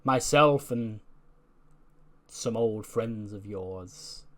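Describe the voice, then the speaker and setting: A man voicing a calm, authoritative male wrestler who persuades a rival to team up. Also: on the low side, extremely slow, slight background noise. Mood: persuasive.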